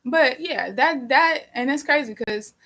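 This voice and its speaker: Young woman, bright and fairly high voice, chatty live-stream storyteller, swears freely. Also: measured pace. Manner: animated, profane, rambling with many fillers. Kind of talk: casual storytelling.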